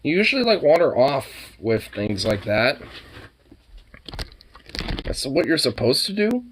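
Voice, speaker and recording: A young man vlogging in a casual, rambling way who coos at his dog in high baby talk. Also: very animated, measured pace, a little hiss or hum. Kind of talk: casual chat.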